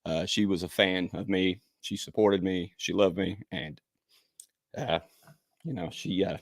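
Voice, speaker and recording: A man hosting a podcast, talking in a halting way with many fillers and pauses. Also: low voice, steady tone, vocal fry, dry recording, studio quality. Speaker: podcast host. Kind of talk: casual podcast chat.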